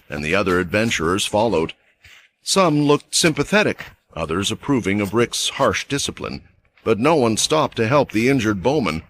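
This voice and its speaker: A man narrating a fantasy story recap with an expressive, dramatic delivery. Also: lowish voice.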